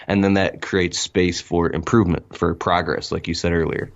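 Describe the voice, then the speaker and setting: A man telling stories as a podcast guest, excitable and rambling with emphatic asides. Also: low voice, moderate pace, highs cut off. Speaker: guest, window cleaning business owner. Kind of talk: casual podcast conversation.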